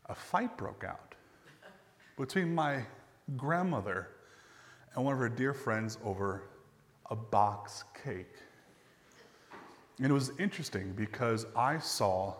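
A male pastor preaching a sermon, telling a personal story in a conversational way and letting phrase ends fall quiet and slow. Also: mid-range voice, long reverb tail. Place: church sanctuary.

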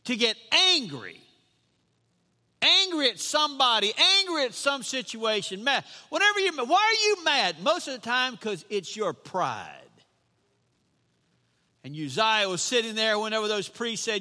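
High, bright preacher in a hall. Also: male voice, sing-song, unhurried. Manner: emphatic preaching, repeats lines, asks the congregation questions. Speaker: pastor. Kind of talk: sermon. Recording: long reverb of a hall.

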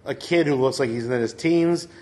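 A man's voice: mid-range voice, moderate pace, mellow. A man telling a rambling story to friends in casual chat, laughing often and filling with "like". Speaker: storyteller on a comedy podcast.

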